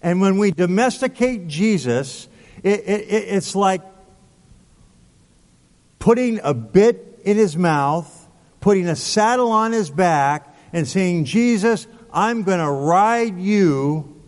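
A man's voice: high voice, animated, slow, darkish tone. A male pastor preaching a sermon, emphatic, asking rhetorical questions and repeating words. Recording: long hall reverb.

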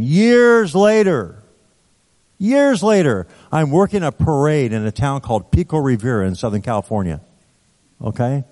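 A man preaching, telling a story in a conversational, animated way with asides to the audience. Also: mid-range voice. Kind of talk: sermon storytelling. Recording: reverberant hall.

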